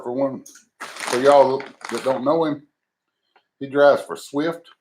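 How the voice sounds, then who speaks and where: This man speaks slowly in a mid-range, steady voice, leaving long pauses. He runs a live cooking stream, recorded at home with background noise, and talks to viewers in a folksy, self-mocking way as he cooks.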